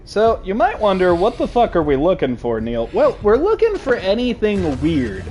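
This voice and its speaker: Excitable high-voiced man streaming a game. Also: normal speed, slight background noise. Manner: excitable, panicky, swears, talks to chat and game characters. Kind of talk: live gameplay commentary.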